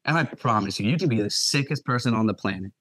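A young man telling a story with lots of swearing and lively energy. His voice sits in a mid pitch and sounds dry and close to the mic, with no room around it. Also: fast talker, husky, no room sound. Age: young adult. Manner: profane, animated storytelling. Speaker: podcast co-host and nurse. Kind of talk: casual storytelling.

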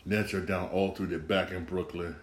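A man with a fairly low voice talks through the week's games on his own show. He rambles, circles back to the same point and slides into rants. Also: steady tone, moderate pace. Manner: rambling, repeats himself, rants. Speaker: sports podcast host. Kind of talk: casual solo sports talk.

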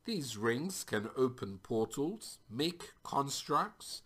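A man's voice: medium pitch, big pitch swings, slow, fairly bright tone, breathy edge. A man reading a fantasy story aloud.

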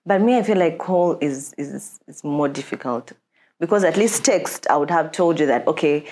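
A woman's voice: low-pitched, animated, moderate pace, a little mellow. A woman guest and business owner in casual chat, rambling with lots of "like" and "you know".

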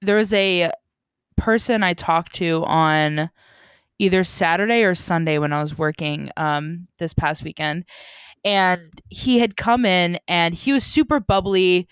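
A young woman co-hosting a podcast, chatting casually and telling animated stories. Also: fairly low pitch, unhurried, clear, resonant tone, dry recording, clean studio sound. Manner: animated storyteller, acting out quoted people. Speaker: podcast co-host. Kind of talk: casual chat.

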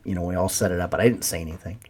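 A man's voice: low voice, rapid-fire, darkish tone, slightly rough. A man co-hosting a casual podcast, telling laid-back anecdotes and swearing casually. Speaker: podcast co-host. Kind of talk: casual chat.

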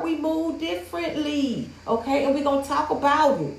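A livestream host with a high, gravelly voice rants to her viewers in a blunt, heated, profanity-laced way. Her intonation is lively, she speaks at normal speed, and the room has a noticeable echo.

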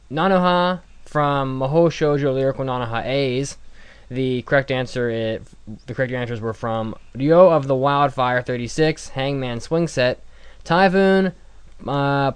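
A man's voice: mid-range voice, clear, resonant tone, no room sound. A man hosting a casual podcast, joking and teasing as he moves the show along. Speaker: podcast host.

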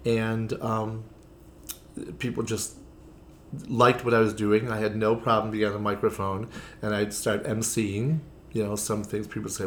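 Man, drag performer, fairly low voice, casual interview storytelling, theatrical, lots of "you know", faint background hiss. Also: little pitch movement, a little slow. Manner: chatty and theatrical, heavy on "you know" fillers, acts out quoted lines. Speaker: drag performer telling stories as interview guest.

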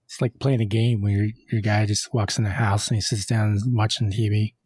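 A man with a slightly husky, breathy voice chats casually on a podcast. He drops in dry jokes between the other hosts' lines. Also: fairly low pitch, flat delivery, a little fast, a little mellow. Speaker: podcast co-host. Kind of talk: casual movie chat.

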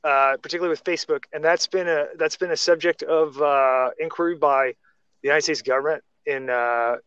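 A man's voice: fairly high pitch, steady tone, fairly quick, a bit bright, clear, resonant tone, no echo. A man talking casually in a podcast chat, rambling through restarts and tangents. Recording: dry, muffled lo-fi sound.

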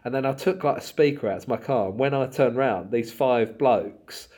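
A man from Southend, a comedian, chatting casually and acting out exchanges in animated anecdotes. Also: mid-range voice, moderate pace. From Southend, England. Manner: animated storytelling, acts out dialogue. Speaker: comedian and podcast host. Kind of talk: casual chat.

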